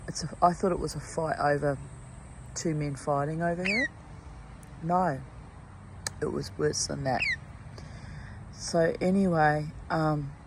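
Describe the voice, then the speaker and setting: A woman's voice: low-pitched, noisy background. A middle-aged woman telling a story casually and with animation, cursing freely and restarting her sentences. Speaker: vlogger.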